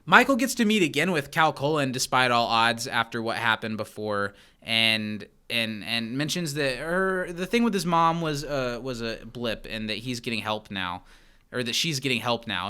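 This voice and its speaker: A man co-hosting a podcast, chatting casually through a sitcom episode and acting out scenes in animated bursts. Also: medium pitch, moderate pace, clean tone. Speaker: podcast co-host.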